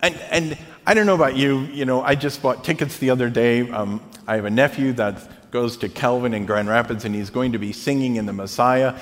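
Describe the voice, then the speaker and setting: A man preaching a sermon as pastor, animated, often checking in with the congregation by asking "right?". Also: mid-range voice, fairly quick, hardly any pauses, in a large hall.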